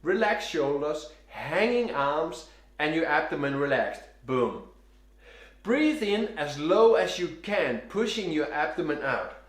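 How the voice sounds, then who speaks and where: A man coaches saxophone breathing and tone with calm, step-by-step instructions, demonstrating as he talks. His voice sits a little high and moves up and down a lot. The room adds a clear echo around him. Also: takes it slowly. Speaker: saxophone teacher. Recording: roomy echo.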